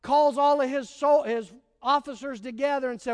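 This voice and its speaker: A man's voice: very high-pitched, steady tone, normal speed, hardly any pauses, a little mellow, in a large hall. A man preaching a sermon as pastor, telling stories in a casual, emphatic way.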